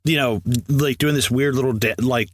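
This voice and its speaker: A man co-hosting a podcast in casual film chat, animated, swearing a lot and acting out quoted lines. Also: medium pitch, moderate pace, dry recording. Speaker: podcast co-host.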